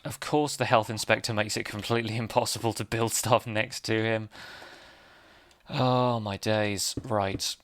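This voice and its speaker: A man's voice: fairly low pitch, fairly even intonation, a little slow, fairly bright tone, no echo. A man hosts a casual Minecraft let's play, chatting in a self-deprecating way and laughing often. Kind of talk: casual gameplay commentary.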